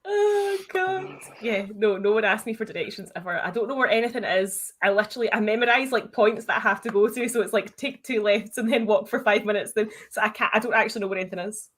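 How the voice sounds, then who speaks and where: A woman's voice: mid-range voice, fast, few pauses, fairly bright tone, a little hiss or hum. A woman with a Glasgow accent, co-hosting a podcast in casual chat and laughing often. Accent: Glaswegian. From Scotland. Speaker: podcast co-host.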